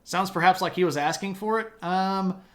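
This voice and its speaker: A man with a slightly raised pitch tells history as a casual live stream. His delivery is loose and conversational, full of dry asides. It sounds like a home streaming setup rather than a studio. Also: normal speed.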